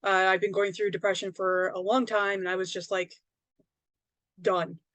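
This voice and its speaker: A woman's voice: mid-range voice, little pitch movement, moderate pace, fairly bright tone, no echo. Dry-sounding woman telling a rambling story. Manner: rambling, many fillers and tag questions. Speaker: psychic medium and author, guest. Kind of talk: casual personal storytelling.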